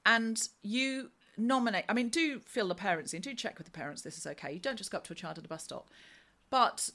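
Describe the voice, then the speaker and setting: Bright-voiced chatty woman. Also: medium pitch, fairly quick. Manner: chatty, rambling, lively storytelling. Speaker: guest. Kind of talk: casual chat.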